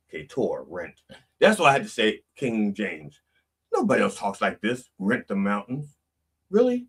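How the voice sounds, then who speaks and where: Male reverend host, comedic sermon, rambling and self-correcting, very animated pitch, sitting off-mic. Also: normal speed, breathy edge, far from the mic.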